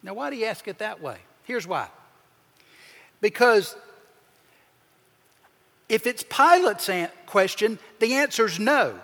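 A man preaching a sermon as pastor, with emphatic swings in pitch and loudness as he acts out the people he quotes. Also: big pitch swings, slow, creaky, long pauses. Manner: preaching with emphatic shifts, acting out quoted voices. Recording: long hall reverb.

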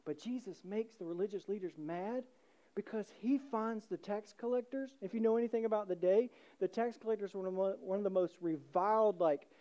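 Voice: mid-range voice, moderate pace, dark tone, dull audio. A pastor giving a sermon in a conversational way, asking rhetorical questions and often adding "right?".

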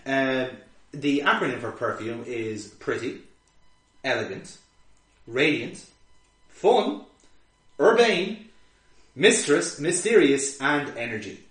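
A man's voice: mid-range voice, takes it slowly, long pauses. A man co-hosting a podcast, casually recapping an episode with swearing and laughter. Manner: animated, swearing, laughing storyteller. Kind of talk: casual chat. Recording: roomy, distant mic.

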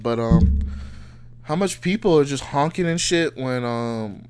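A man's voice: medium pitch, expressive, measured pace, a little mellow, smooth, faint music behind. A man in his twenties hosting a podcast, ranting casually in a blunt, heated, profane way. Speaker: podcast host. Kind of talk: casual rant.

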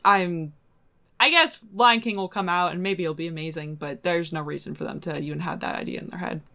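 Woman, podcast host, casual chat, animated, emphatic, trails off. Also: lowish voice, a little fast. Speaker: podcast host reading news.

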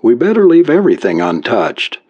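A man voicing a tense young man on a boat who is trying hard to sound calm and steady. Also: mid-range voice, normal speed, slightly rough. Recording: muffled lo-fi recording.

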